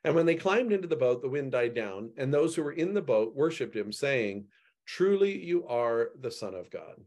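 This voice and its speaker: Animated man leading a Bible study. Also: normal speed. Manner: animated, acts out quoted lines with big pitch jumps. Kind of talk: group Bible study discussion.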